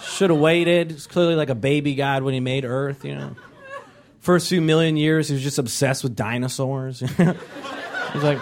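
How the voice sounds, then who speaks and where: A man's voice: fairly high pitch, normal speed, noisy background. A man performing a rambling stand-up comedy set on stage, acting out quotes in conversational bits. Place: comedy stage before a live audience.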